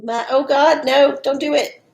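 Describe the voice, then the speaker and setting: A woman's voice: high-pitched, fairly even intonation, unhurried, creaky. A woman hosting a casual livestream from home, chatty and profane, often laughing. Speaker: livestream host doing oracle readings. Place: home with dogs.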